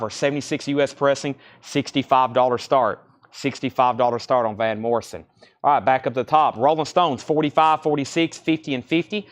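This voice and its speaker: A man hosting a live-streamed record sale, briskly rattling off album titles, grades and prices and reading out buyers' comments. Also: mid-range voice. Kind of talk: live-stream sales patter.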